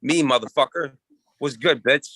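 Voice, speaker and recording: A man's voice: medium pitch, normal speed, vocal fry, sharp tone, no echo. A man trading brash, profane, boastful trash talk as an arm wrestling guest on a casual chat show.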